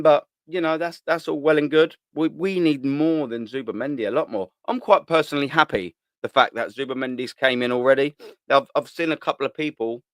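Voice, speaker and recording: A man's voice: medium pitch, no room sound. A man hosting a live morning fan stream, chatting casually, using slang and often repeating and restarting his words. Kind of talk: casual live-stream chat reading viewer comments.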